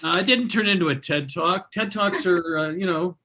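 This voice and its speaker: Wry, fairly high-voiced male host. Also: moderate pace, pushed and bright, a little hiss or hum. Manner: wry, rambling asides. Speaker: comedy show host. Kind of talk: hosting a live online comedy show. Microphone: computer mic on a video call.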